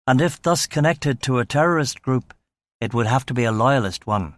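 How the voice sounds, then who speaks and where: A cautious middle-aged factory manager in a crime audiobook, voiced by the male narrator in an ordinary, even tone. He chooses his words carefully and speaks in measured phrases. The reading is close and dry. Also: mid-range voice, no echo, close to an everyday voice. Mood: guarded.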